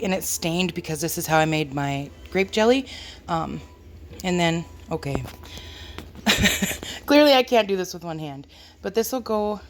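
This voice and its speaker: A woman chatting casually in her home kitchen as a homestead vlogger, talking while she works and joking about herself. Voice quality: squeaky. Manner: chatty, self-deprecating, talks while working.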